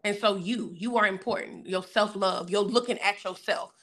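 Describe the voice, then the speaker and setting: A woman's voice: mid-range voice, moderate pace, fairly bright tone. A woman hosting a podcast, speaking in an encouraging, motivational way with some playful teasing. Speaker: podcast host. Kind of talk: casual chat.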